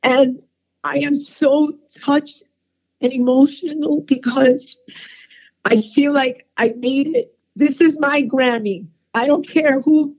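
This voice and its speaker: A woman's voice: sits high, darkish tone, dull audio. A woman singer calling in by phone, emotional and tearful as she thanks the people around her. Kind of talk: phone call-in interview.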